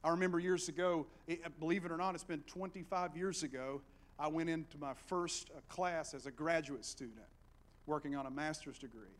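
A middle-aged man preaches with an Appalachian accent, in a voice set a little high for a man. He moves from quiet, close storytelling to loud, rousing exhortation. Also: brisk. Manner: animated, with big swings between hushed storytelling and loud exhortation. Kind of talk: sermon.

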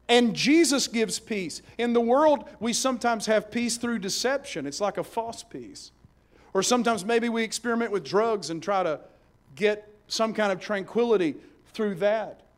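A man preaching a sermon, swinging between hushed passages and loud emphatic ones. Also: sits high. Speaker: pastor.

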